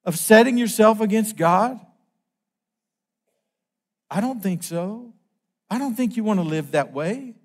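A middle-aged man preaching a sermon, emphatic and slowing down on key phrases. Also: high-pitched, expressive.

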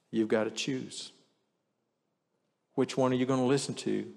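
A pastor delivers an earnest sermon, leaning into the scripture he reads aloud, his voice at an ordinary middle pitch with a darkish tone and vocal fry. He speaks unhurriedly with fairly even intonation and long pauses. A big church hall surrounds him with long reverb.

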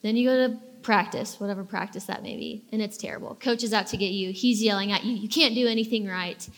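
A young adult woman giving a casual storytelling talk to teens, animated and acting out little quoted lines as she goes. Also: mid-range voice, fast. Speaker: speaker addressing teens.

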